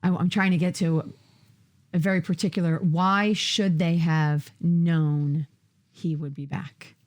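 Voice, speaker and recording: A woman's voice: lowish voice, fairly even intonation, unhurried, darkish tone. A woman leading a casual group Bible study, asking questions and laughing often.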